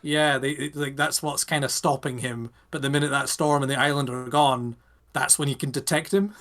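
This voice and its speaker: A man's voice: medium pitch, fairly even intonation, moderate pace, a bit bright. A young British man co-hosting a podcast, rambling in casual chat and firing off rhetorical questions. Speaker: podcast co-host.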